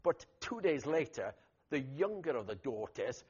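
A man preaching a sermon as pastor, telling stories in an animated way with loud emphatic bursts. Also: mid-range voice, measured pace, background noise. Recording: dull lo-fi recording.

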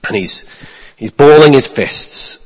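Animated preacher in a reverberant hall. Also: male voice, mid-range voice, slow. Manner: animated, swings between loud and hushed, many restarts. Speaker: pastor. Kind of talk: storytelling sermon. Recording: long reverb of a large hall.

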